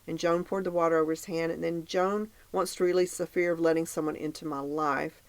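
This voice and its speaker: Recapping a dating show on a podcast, this female co-host speaks fairly quickly in a low voice with a steady tone, and the recording has no echo. The chat is casual as she reads from her notes, laughing frequently.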